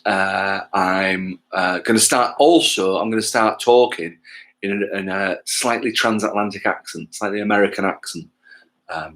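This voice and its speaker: Between songs on his livestream gig, a man from England who tours as a musician rambles to viewers, losing the thread now and then. He swears casually and makes jokes at his own expense, in a fairly low voice with a bit of brightness.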